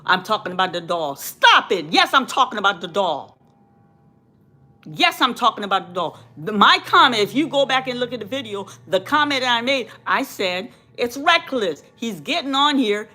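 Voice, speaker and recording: Fiery, bright-voiced woman channel host. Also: medium pitch. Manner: fiery, preachy, repeats phrases for emphasis. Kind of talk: impassioned commentary to viewers.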